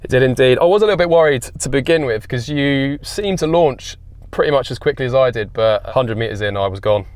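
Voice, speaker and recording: A man presenting from a car, relaxed and chatty. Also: mid-range voice, brisk.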